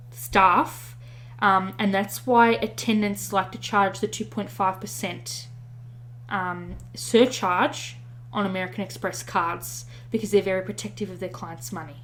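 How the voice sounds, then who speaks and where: A woman's voice: mid-range voice, steady tone, unhurried, a bit bright. A woman co-hosting a podcast, retelling a story in casual chat with many fillers and self-corrections. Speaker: podcast co-host.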